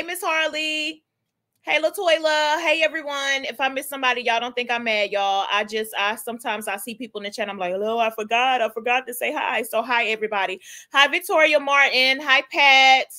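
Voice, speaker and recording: Young woman livestream host, high bright voice, gossipy and animated. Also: moderate pace. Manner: chatty, animated, greets chat viewers by name. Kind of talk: casual gossip chat.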